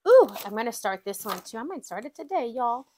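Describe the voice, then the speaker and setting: Excitable woman counting cash, slightly high. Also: fairly quick, a little hiss or hum. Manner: excitable, exclaims often, says "y'all". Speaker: budgeting vlogger. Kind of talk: casual chat while counting cash.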